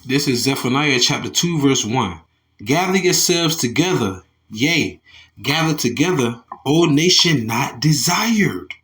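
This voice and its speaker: A religious commentator from the Southern United States, a man with an animated, mid-range, slightly bright voice, reads a news article aloud at a somewhat slow pace. He comments on it using Bible verses, restarts and repeats words, and addresses listeners as y'all.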